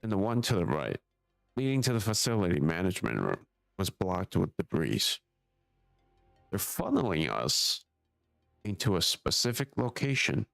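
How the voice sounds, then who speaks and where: A man's voice: deep voice, wildly swooping pitch, moderate pace, creaky, pauses often, a bit bright, no room sound. A young man live-streaming a video game, chatting casually and reading the story's dialogue aloud, swearing offhandedly at his own slip-ups.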